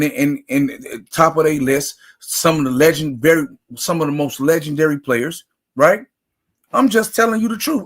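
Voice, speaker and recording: A man hosting a sports talk livestream, ranting emphatically and greeting chat viewers by name. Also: on the high side. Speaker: sports talk show host. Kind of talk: casual livestream commentary.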